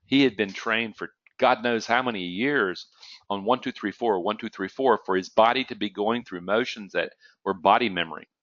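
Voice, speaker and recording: A man's voice: fairly low pitch, moderate pace, fairly bright tone, dry recording, dull audio. A man giving an online lecture on trading psychology, telling stories conversationally and often checking in with "okay?", with an occasional cough. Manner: conversational, storytelling with frequent "okay?" check-ins.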